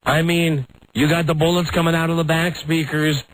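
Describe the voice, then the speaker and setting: A middle-aged American man hosting a radio talk show, telling a self-mocking story in a lively, animated way. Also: fairly high pitch, moderate pace, no room sound, poor audio. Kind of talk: casual on-air storytelling.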